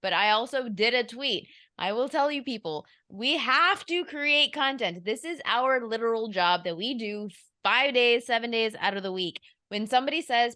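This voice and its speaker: A woman's voice: fairly high pitch, animated, moderate pace, sharp tone. A woman hosting a sports betting show, chatting casually about picks and laughing often.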